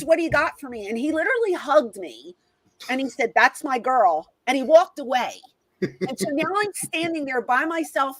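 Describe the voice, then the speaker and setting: Animated woman telling stories in an interview. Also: sits high, dry recording, rough recording. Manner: animated, reenacts conversations with quoted voices. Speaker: guest, former wrestling personality. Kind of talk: casual storytelling in an interview.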